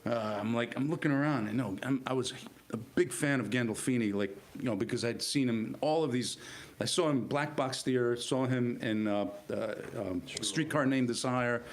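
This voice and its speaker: Animated storytelling actor, a man. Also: medium pitch, normal speed, slight background noise. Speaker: actor guest. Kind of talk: casual storytelling.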